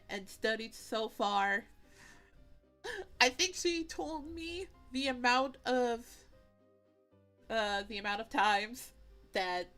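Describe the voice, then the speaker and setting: A woman's voice: mid-range voice, a bit bright. A young woman streamer chatting with her viewers in a giggly, playful way, with teasing mock pouts. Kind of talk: casual live-stream chat.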